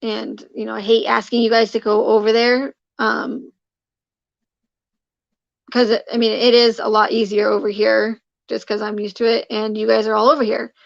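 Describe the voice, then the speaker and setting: A woman's voice: fairly high pitch, little pitch movement, moderate pace, creaky, no echo, highs cut off. A woman live streaming, chatting casually with her viewers, rambling with lots of fillers and restarts and greeting people in the chat by name.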